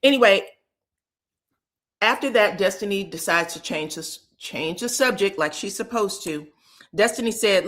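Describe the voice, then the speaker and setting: A woman's voice: mid-range voice, measured pace. A woman hosting a casual livestream recap of a reality show, telling the drama in a sassy, slangy, profane way and acting out what people said. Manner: acts out quotes with lively voices.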